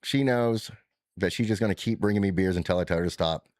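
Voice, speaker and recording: Low-voiced man spinning a rambling tale. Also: fast, dry recording. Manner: rambling, animated, profane, restarts often. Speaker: podcast co-host telling a trip story. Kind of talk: casual storytelling chat.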